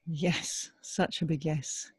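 A man co-hosting a podcast in casual chat, enthusiastic and agreeable, with halting restarts. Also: a little high, steady tone, breathy edge, no room sound, studio quality.

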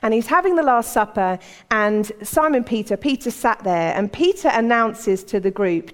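With a voice on the high side, animated and at normal speed, this woman preaches by telling stories conversationally and performing the characters' voices. The recording carries a long hall reverb.

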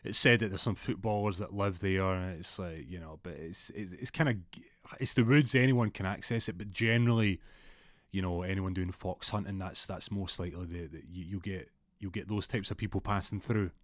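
A young man tells a spooky story in a loose, rambling way, often restarting his sentences. His voice sits on the low side. The recording is dry and close. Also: fairly quick, dry recording. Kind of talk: casual spoken storytelling.

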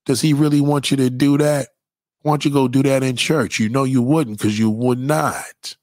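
A man's voice: medium pitch, fairly even intonation, normal speed, a little mellow, dry recording, studio quality. A man delivering a profane, preachy rant straight at his audience. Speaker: commentator. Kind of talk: impassioned monologue rant.

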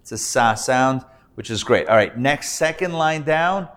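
Male rabbi, live classroom teacher, playful and upbeat, mid pitch. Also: lively intonation, fairly bright tone. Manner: upbeat, playful, breaks down sounds slowly. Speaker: Hebrew reading teacher, rabbi. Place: class hall, recorded live.

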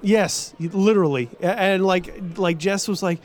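A man in casual podcast chat, telling a profane story excitedly. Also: sits high, normal speed, hardly any pauses.

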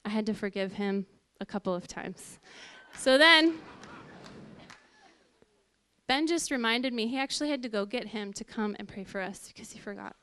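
A woman telling a personal testimony to an audience in a lively storytelling way, acting out what people said. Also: normal speed, pauses often. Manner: lively, acts out quoted voices with big pitch jumps. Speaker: speaker giving a personal testimony.

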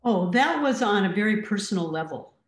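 A woman taking part in an inquiry talk, speaking hesitantly with many pauses and ums. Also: mid-range voice, expressive, echoey room. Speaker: participant. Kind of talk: personal inquiry dialogue.

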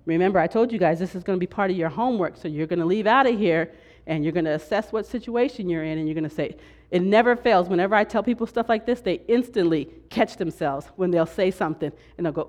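A woman's voice: medium pitch, lively intonation, fairly quick. A woman preaching and teaching a church class from slides. She acts out complaining voices and checks in with "right?" and "okay?".

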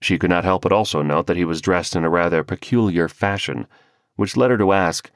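A man narrating a novel as an audiobook reader, with measured storytelling. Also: deep voice, dry recording, clean studio sound. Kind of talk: scripted narration.

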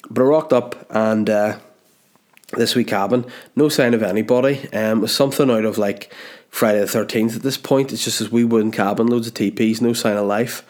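A man's voice: on the low side, darkish tone. A man with a Belfast-area Northern Irish accent, telling a rambling, self-mocking comic story on his podcast while congested with a blocked nose. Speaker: podcast host. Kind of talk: comedic storytelling.

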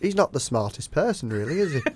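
A man co-hosting a podcast in a loose, chatty way. He teases his partner and laughs easily. His voice sits at an everyday middle pitch. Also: very animated, quick pace, darkish tone, slight background noise. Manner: teasing, chatty, laughs often. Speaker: podcast co-host. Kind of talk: casual chat.

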